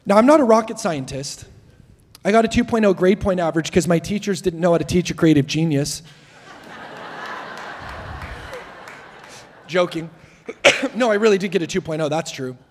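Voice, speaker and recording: High-voiced young man preaching, joking. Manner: joking, self-deprecating, lively storytelling. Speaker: guest preacher. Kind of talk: sermon. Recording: long hall reverb.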